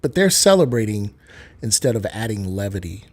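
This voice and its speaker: A man hosting a livestream in casual chat, playful and animated, with frequent swearing. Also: fairly low pitch, a little fast, slightly rough.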